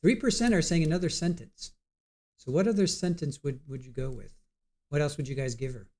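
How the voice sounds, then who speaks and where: Man, livestream host, casual chatter with viewers, mellow voice, rambling restarts. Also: a little high, fairly quick. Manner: chatty, talks to viewers in chat, trails off and restarts. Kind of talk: casual live-stream chat. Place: home setup at a computer.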